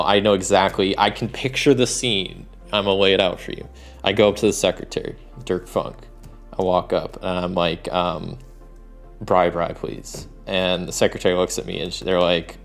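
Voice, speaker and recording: Low, gravelly male voice; easygoing solo game narrator who rambles and thinks aloud, soft music underneath. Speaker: solo game master and player.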